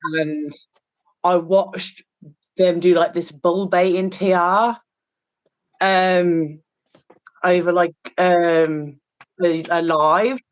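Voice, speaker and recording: A woman's voice: fairly low pitch, fairly even intonation, drawn-out words, long pauses, poor audio. A woman in casual chat on an art stream, telling a long story with many fillers and restarts, sounding incredulous and disgusted. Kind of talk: casual chat while painting.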